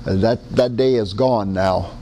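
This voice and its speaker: Lowish and warm, this man's voice moves a little slowly as he delivers a sermon. He's a pastor with a Midwestern American accent who talks in a folksy, conversational way and often starts his sentences over. Slight background noise is present.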